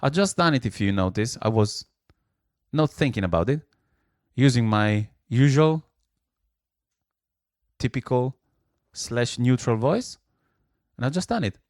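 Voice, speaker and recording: Man, vocal lesson, unhurried, clear resonant voice, dry recording, soft piano behind. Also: mid-range voice, expressive, dry recording. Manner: demonstrates with sung syllables between explanations. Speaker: singing teacher. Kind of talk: vocal lesson with sung exercises.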